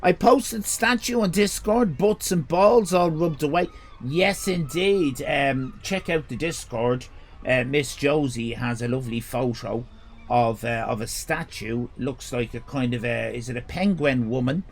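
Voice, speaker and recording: A man's voice: mid-range voice, a little slow. An Irish man streaming live, chatting casually, rambling, joking crudely and reading chat messages aloud. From Ireland.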